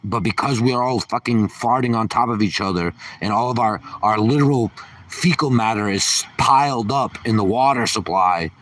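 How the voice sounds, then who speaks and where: Low-voiced guy rambling and swearing on a chill stream, sarcastic, mic kinda far away. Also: normal speed, fairly bright tone. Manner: sarcastic, profane rambling rant. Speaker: livestream host. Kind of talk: casual ranting livestream.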